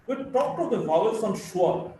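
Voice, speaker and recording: A man with an Indian English accent giving a college phonetics lecture, slowly reading out word lists and repeating key points. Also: high voice, animated, mellow. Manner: slow and deliberate, repeating words for drill. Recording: echoey room, mic far off, faint hiss.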